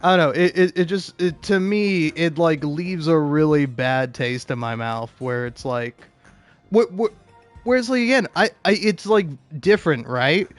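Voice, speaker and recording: A man's voice: a little high, moderate pace, faint music behind. A man ranting casually over gameplay, swearing often and stumbling through restarts. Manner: rambling, profane, stammering restarts. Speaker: gaming video host.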